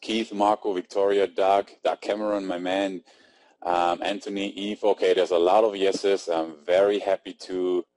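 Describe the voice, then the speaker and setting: A man's voice: low-pitched, flat delivery, normal speed, darkish tone, no room sound, poor audio. A man with a German accent hosting an online marketing webinar, chatty and upbeat, reading out attendees' names from the chat. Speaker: webinar host. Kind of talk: casual webinar talk. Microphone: computer mic on webinar.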